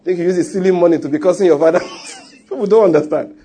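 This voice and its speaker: Husky man preaching emphatically. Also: high-pitched, quick pace, dark tone. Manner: emphatic, teasing preaching with repetition. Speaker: pastor. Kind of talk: sermon.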